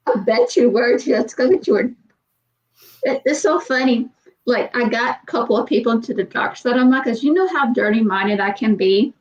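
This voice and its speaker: A woman with a fairly high voice tells loose, rambling stories in an easygoing chat. She often slips into acting out other people's lines. The audio is dull and lo-fi. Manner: rambling, animated storytelling with acted quotes. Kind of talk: casual chat.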